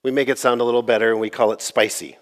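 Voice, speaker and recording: A middle-aged pastor delivers a sermon at a rapid-fire clip in a medium-pitched voice. He tells the story with lively, sarcastic quoted lines and laughs now and then.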